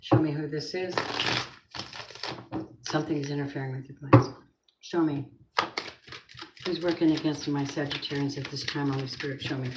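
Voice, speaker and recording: A woman's voice: low voice, steady tone, moderate pace, long pauses, heavy background noise. A woman giving a tarot reading, musing and asking the cards and spirit questions aloud. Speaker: tarot reader. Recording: roomy echo.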